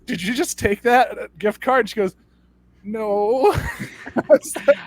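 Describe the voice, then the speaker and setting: High-voiced man telling a rambling story. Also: slow pace, dry recording. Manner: rambling, stammering storyteller who mimics customers. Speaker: podcast co-host. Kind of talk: comedic storytelling.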